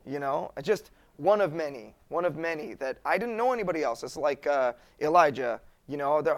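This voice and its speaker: A man telling a personal story in casual talk, animated and acting out his own past words as he goes. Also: fairly high pitch, brisk. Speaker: Christian board game publisher.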